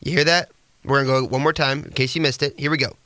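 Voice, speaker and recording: A man's voice: mid-range voice, steady tone, fast talker, very noisy. A man hosting a sports podcast, giving casual, sarcastic commentary that rambles. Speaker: podcast host.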